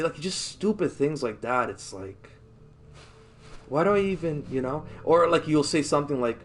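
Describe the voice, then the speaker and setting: A man's voice: medium pitch, lively intonation, normal speed, soft background music. A man livestreaming and chatting casually with viewers, rambling with many fillers and casual swearing. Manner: rambling, filler-heavy, lots of "like" and "you know". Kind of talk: casual chat with stream viewers.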